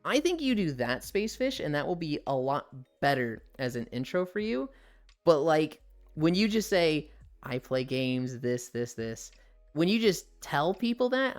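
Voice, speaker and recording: A man's voice: on the high side, clear, resonant tone. A man chatting candidly on a live stream, swearing freely and laughing often. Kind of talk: casual live-stream chat.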